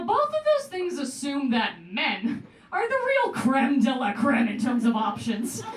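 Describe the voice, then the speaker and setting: A young woman performing a stand-up comedy set in a club, with a deadpan delivery and playful asides. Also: sits high. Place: comedy club stage with live audience. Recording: roomy club sound heard from a distance. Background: audience laughing.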